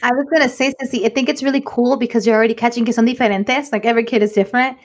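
A woman co-hosting a podcast, chatting casually and telling a lively story, slipping Spanish phrases into her English. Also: a little high, very fast. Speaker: podcast co-host. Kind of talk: casual chat.

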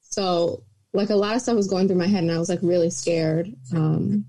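A woman's voice: on the low side, steady tone, moderate pace, warm tone. A young woman in casual podcast chat, telling a story in a loose, rambling way full of "like" and "um".

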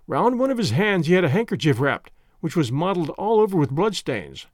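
Brief: male audiobook narrator, expressive delivery, dry close recording. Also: fairly high pitch, no room sound. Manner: measured, expressive storytelling. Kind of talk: audiobook reading of a classic story.

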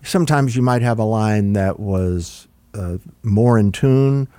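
An older man speaks low and warm, drifting through anecdotes with plenty of ums and restarts. The sound is close and dry, with no room around it. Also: unhurried, no room sound. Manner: relaxed, rambling with fillers and restarts. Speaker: record producer guest. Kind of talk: conversational interview storytelling.

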